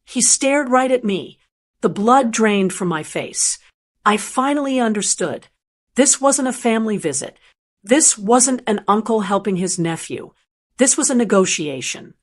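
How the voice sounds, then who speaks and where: A woman's voice: fairly high pitch, animated, a little slow. A woman narrating a first-person story in a tense, dramatic manner.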